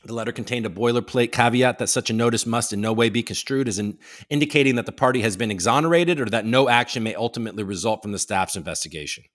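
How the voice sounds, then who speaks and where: A man's voice: mid-range voice, fast talker. A man hosting a casual livestream, reading news headlines aloud and tossing in joking asides. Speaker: host.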